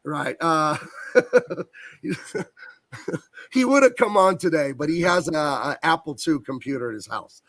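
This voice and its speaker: Male comic colorist, guest on a video call, enthusiastic rambling talk, slightly high voice, dry close sound. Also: expressive, measured pace, pauses often, a bit bright, dry recording. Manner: enthusiastic, rambling, talks up his work. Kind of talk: casual interview chat.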